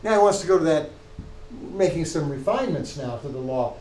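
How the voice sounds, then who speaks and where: A man's voice: fairly high pitch, lively intonation, fairly quick, darkish tone, echoey room, slight background noise, poor audio. A man teaching a university class, explaining points emphatically and restarting phrases as he goes. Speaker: professor. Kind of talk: university lecture.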